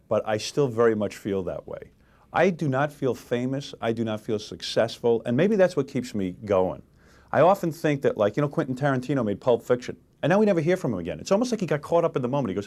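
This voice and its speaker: A man in his forties in a candid interview, telling lively stories and acting out the exchanges he quotes. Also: medium pitch, a little fast. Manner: animated storytelling, acts out quoted exchanges. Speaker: interview guest, radio host.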